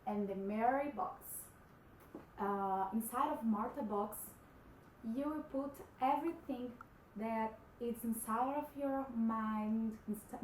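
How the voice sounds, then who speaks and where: A woman's voice: a little high, a little mellow, reverberant, a little hiss or hum, poor audio. Earnest woman speaking English as a second language. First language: Portuguese. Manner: earnest, halting, searching for words. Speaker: Christian vlogger. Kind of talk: devotional talk to camera.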